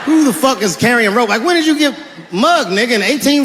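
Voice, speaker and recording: A male stand-up comic tells a story on stage in a high voice that leaps all over the place, shouting his punchlines. The sound echoes through a large live room with audience noise underneath. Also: expressive, fairly quick. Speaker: stand-up comedian. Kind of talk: stand-up comedy set.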